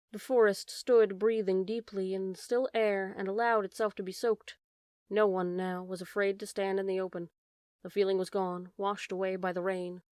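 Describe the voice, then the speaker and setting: A woman narrating a storybook in a calm, measured way. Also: medium pitch, no echo. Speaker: audiobook narrator. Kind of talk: storybook reading.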